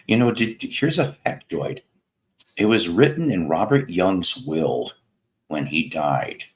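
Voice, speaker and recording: Brief: fifties male livestream host, Mid-South American accent, very deep voice, rambling sardonic chat with viewers, unhurried delivery. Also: a bit bright. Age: 50s.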